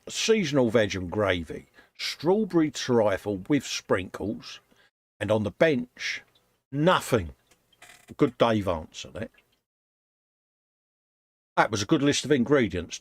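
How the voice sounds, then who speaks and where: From his home workshop, a British man hosts a casual live stream and reads out viewer comments, chatting in a matey way and calling people "mate" and "folks." His medium-pitched voice is very animated yet slow, with frequent pauses and no echo.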